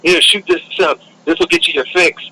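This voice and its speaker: A man's voice: on the high side, steady tone, brisk, sharp tone, a little hiss or hum, low-quality recording. A man in a casual podcast chat, talking in a heated, profane, emphatic way.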